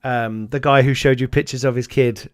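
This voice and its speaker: A man narrating as game master in a tabletop game, relaxed and unhurried, stopping often to find his words. The sound is dry and close, and his voice sits at an average pitch. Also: smooth, no room sound. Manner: relaxed, hesitant with fillers.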